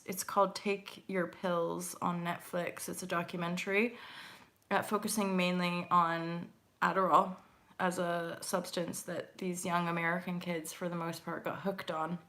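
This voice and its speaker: A woman hosts a casual live stream and talks her viewers through a tarot reading. Her voice is bright and forward, and she rambles and chats, drops in the odd swear word, and laughs easily. The sound comes through a webcam mic. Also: lowish voice. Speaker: host doing live intuitive tarot readings.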